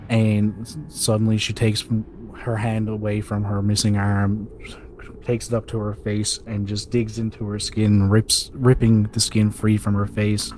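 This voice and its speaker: A man narrating a tabletop game as game master, slow and vivid in his descriptions. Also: lowish voice, darkish tone, a little hiss or hum.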